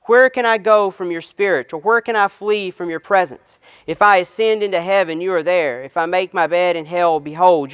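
A pastor preaching outdoors to a congregation in their cars, reading scripture and then stressing key phrases slowly and with repetition. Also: male voice, high voice, a bit bright, clear, resonant tone, no room sound. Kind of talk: sermon. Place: outdoor drive-in service to people in cars.

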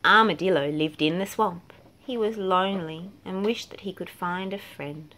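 A woman reading a children's picture book aloud, gentle and expressive, sometimes falling to a whisper. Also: on the low side, normal speed. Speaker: storyteller.

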